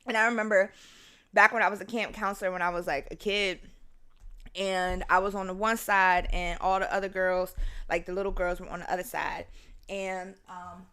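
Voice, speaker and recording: A woman, hosting a casual solo podcast and telling stories in a lively, profane way while she eats. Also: on the low side, moderate pace, clear, resonant tone. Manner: animated storytelling, swears freely, mimics her own voice. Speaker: podcast host.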